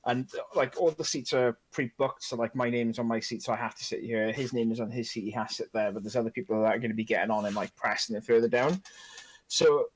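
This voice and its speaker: A man co-hosting a casual podcast who tells animated, swear-laden stories and acts out the dialogue. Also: medium pitch, quick pace, breathy edge, rough recording. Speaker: podcast co-host. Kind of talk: casual chat, storytelling.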